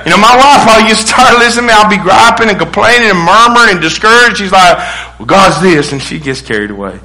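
A middle-aged male pastor preaching a sermon, animated, acting out quotes with bursts of shouting. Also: high voice, very fast, rough recording.

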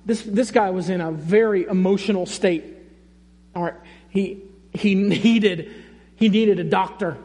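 High-pitched male pastor, slow and emphatic, reverberant sanctuary sound. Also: dark tone. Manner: emphatic, repeats key phrases, conversational asides. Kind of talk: sermon. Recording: long reverb in a large hall.

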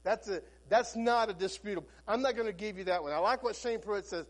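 A man's voice: high-pitched, a little fast. A man preaching a sermon as a Baptist pastor, folksy and storytelling, with frequent restarts.

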